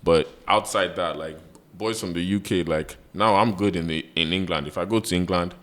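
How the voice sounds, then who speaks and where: Low-voiced man telling stories. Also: moderate pace. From Nigeria. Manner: rambling, animated, heavy use of "like". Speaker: podcast co-host. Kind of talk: casual storytelling chat.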